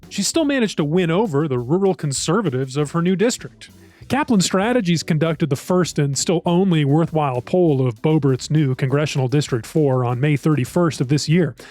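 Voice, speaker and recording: A man, the show's producer, narrating a scripted recap in a steady, explanatory way. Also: fairly high pitch, fairly quick. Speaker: podcast producer.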